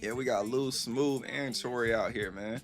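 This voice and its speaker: A man telling a story casually to his live stream chat, animated and rambling, acting out the voices he quotes. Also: mid-range voice, normal speed, soft background music.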